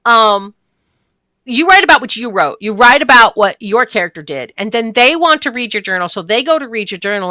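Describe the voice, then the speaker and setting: Woman, middle-aged, podcast host, blunt, forward, casual chat, higher voice, lively delivery. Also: a little fast, no echo, clean studio sound.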